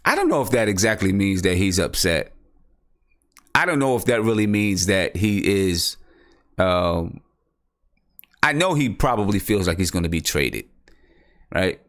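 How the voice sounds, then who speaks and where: A man's voice: sits low, a bit bright. A man hosting a casual live-stream basketball show, thinking aloud and repeating himself as he talks. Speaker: basketball podcast host.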